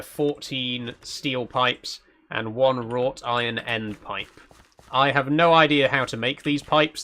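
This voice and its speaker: A man's voice: mid-range voice, pushed and bright. Chatty man with mild Yorkshire accent. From South Yorkshire, England. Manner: chatty, thinking aloud. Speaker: streamer. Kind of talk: casual live-stream commentary while playing.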